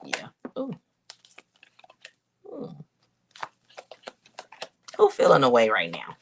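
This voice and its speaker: Woman humming through a lively intuitive reading. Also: a bass voice, background noise. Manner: musing, thinks aloud with long hums and pauses; colloquial, addresses viewers as y'all. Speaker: intuitive reader. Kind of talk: casual spiritual reading to camera.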